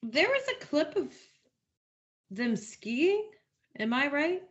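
A woman's voice: high-pitched, big pitch swings, takes it slowly. A woman co-hosting a casual chat, blunt and sarcastic in manner. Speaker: podcast co-host. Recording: dull lo-fi recording.

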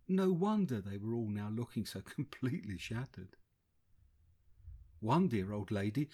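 A man narrating a first-person travel memoir in a measured, descriptive way. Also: medium pitch, a little mellow, breathy edge. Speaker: audiobook narrator.

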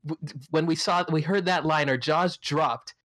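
A man's voice: a little high, normal speed, fairly bright tone. A man telling a rambling anecdote in a casual chat, chuckling as he goes. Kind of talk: casual storytelling.

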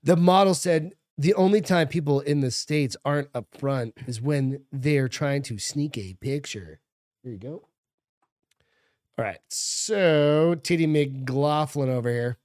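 A man's voice: fairly high pitch, unhurried, a little mellow, no room sound, clean studio sound. A man co-hosting a casual podcast, reading news stories aloud and cracking crude jokes. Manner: joking, crude, reads quotes aloud. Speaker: podcast co-host.

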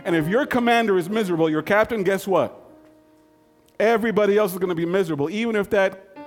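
Man in his 50s, storyteller, folksy, conversational, fairly high voice, long hall reverb. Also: faint music behind. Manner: folksy, conversational, dramatic pauses. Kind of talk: live personal storytelling.

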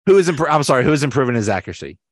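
A man's voice: mid-range voice, sing-song, racing, no echo, clean studio sound. A man hosting a sports podcast who chimes in with short questions. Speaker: podcast host. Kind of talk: casual sports chat.

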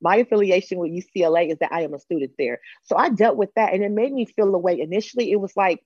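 A woman in her thirties from Los Angeles, telling her story as an interview guest, animated and acting out other people's lines. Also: medium pitch, fast talker, husky, no echo, muffled recording.

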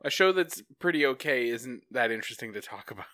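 A man's voice: medium pitch, animated, quick pace, bright, forceful tone, no room sound, clean studio sound. A man bantering on a podcast, wisecracking and giggling at his co-host. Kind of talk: casual chat.

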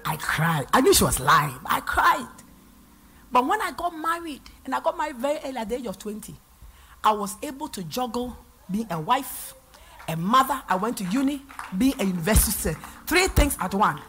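Lively Ghanaian woman pastor preaching. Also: fairly high pitch, normal speed, a little hiss or hum. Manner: animated preaching, swinging from loud to soft. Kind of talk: sermon. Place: church.

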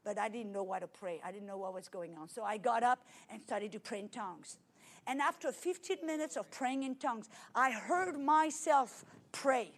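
A middle-aged woman with a French accent delivers a sermon testimony, her voice sitting a little high. She tells the story with vivid energy, rising loud and dropping to near hush. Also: moderate pace. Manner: animated storytelling with dramatic swings in loudness. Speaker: preacher.

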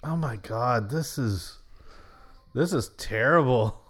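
A man's voice: medium pitch, lively intonation, takes it slowly, fairly bright tone, slightly rough. A man co-hosting a casual movie-watching podcast, reacting with exclamations and mocking riffs. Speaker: podcast co-host.

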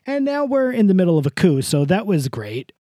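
Lively, joking podcast co-host. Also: mid-range voice, fairly quick, no room sound, clean studio sound. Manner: jokey storyteller, given to tangents and swearing. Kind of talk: casual chat.

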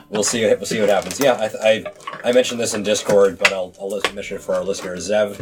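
A man chatting casually as a player in a tabletop game, animated and often restarting his sentences. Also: fairly low pitch, fast talker, heavy background noise.

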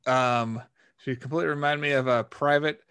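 A man's voice: medium pitch, steady tone, a little fast, a bit bright, clean tone. A man chatting casually about a film, laughing often and retelling scenes vividly.

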